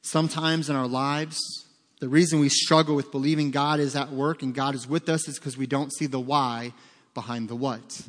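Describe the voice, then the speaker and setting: A man with a steady, mid-range voice preaches at a moderate pace, chatting with his congregation and dropping in jokes as he goes. The sermon echoes with the long reverb of a large church sanctuary.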